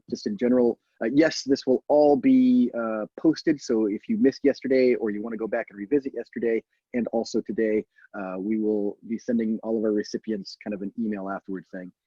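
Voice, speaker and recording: Guy hosting a stream from home, chatty, uh um a lot, kinda husky, muffled lo-fi sound. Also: mid-range voice, dark tone, dry recording. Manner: chatty, laughs often, many fillers. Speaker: host. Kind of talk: casual live-stream chat.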